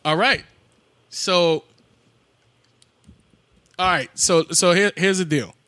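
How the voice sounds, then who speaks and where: A man's voice: high voice, slow pace, sharp tone, no echo. A man co-hosting a podcast in crude, casual banter, laughing and swearing and stumbling over names. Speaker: podcast co-host.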